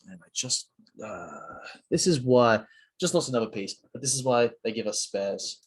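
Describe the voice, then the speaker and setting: A man's voice: medium pitch, lively intonation, normal speed, slightly rough. A young man hosting a casual solo chat while building, rambling and self-mocking with a sore throat. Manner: rambling, self-mocking, many fillers and restarts. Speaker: channel host.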